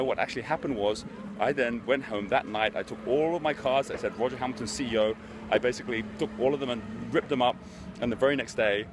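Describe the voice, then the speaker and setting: A middle-aged host gives a motivational business talk, sharing stories with earnest, conversational warmth. His voice is medium in pitch, and the background is noisy.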